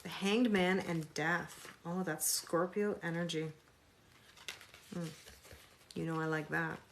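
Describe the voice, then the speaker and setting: A woman's voice: on the low side, fairly even intonation, slow, slight background noise. A woman hosting a live tarot reading, talking casually with viewers in a sarcastic, chatty way and reading card meanings aloud.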